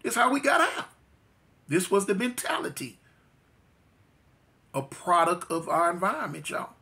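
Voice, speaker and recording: A man's voice: sits high, very animated, measured pace, creaky, bright, forceful tone. A middle-aged man from telling his life story in slangy street talk, full of fillers. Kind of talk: casual storytelling.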